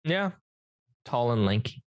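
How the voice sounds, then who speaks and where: A man co-hosting a casual podcast chat, hesitant and halting, with many filler words. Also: medium pitch, sing-song, no room sound, muffled recording. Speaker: podcast co-host.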